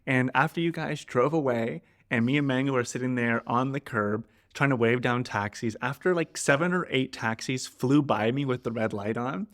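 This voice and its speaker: A man from Canada co-hosting a podcast, retelling a chaotic trip in a lively, animated way, acting out quotes and swearing. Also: mid-range voice, normal speed, hardly any pauses. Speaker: podcast co-host. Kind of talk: casual storytelling chat.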